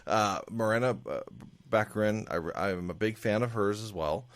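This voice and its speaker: A man co-hosting a casual movie review show, speaking haltingly with repeated words and frequent laughs. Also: fairly low pitch. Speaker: podcast co-host.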